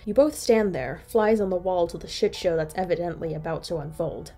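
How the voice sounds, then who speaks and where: A woman's voice: lowish voice, brisk, warm tone, soft background music. A woman reading a second-person fan story aloud as narrator.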